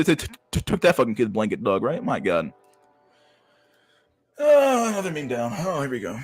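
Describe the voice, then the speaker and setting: A man casually commenting on memes on a livestream, profane and rambling, with frequent stammered restarts. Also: mid-range voice. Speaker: streamer reacting to memes.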